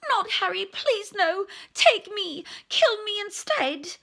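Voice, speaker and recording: A woman's voice: animated, takes it slowly, vocal fry, pushed and bright, heavily acted. A woman voicing a desperate young mother pleading through sobs for her child's life. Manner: high, sobbing pleas.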